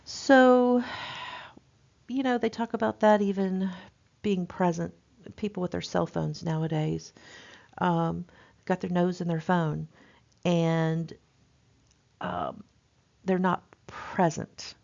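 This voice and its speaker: Middle-aged woman, nursing instructor, conversational, emphatic, gravelly voice, dull lo-fi recording. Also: fairly low pitch, slow, pauses often, a little mellow. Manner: conversational, emphatic, frequent fillers. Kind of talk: recorded lecture.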